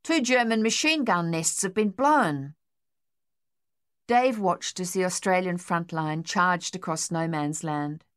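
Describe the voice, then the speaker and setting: This scripted audiobook narration comes from a woman whose voice sits fairly low and whose reading stays steady and measured. She is recorded close and dry, and no room sound comes through.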